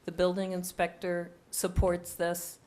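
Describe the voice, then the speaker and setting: A woman with a cold, her voice nearly gone, lays out a proposed bylaw step by step at a town hearing, speaking close into a table microphone in the meeting room. Her pitch is fairly low and her tone dark, her delivery completely flat and a little slow. It's a formal presentation.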